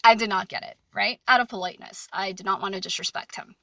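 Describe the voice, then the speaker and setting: A young woman who comments on dating speaks frankly in a casual monologue, full of anecdotes and filler words. Her mid-range voice is bright and forceful, quick with fairly even intonation, recorded with no echo.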